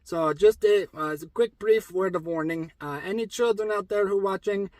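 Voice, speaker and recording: A man tells a story for kids in a playful, deliberately broken English, full of fillers. His voice sits fairly high. The recording is close and dry. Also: darkish tone, no echo. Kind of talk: comic story retelling.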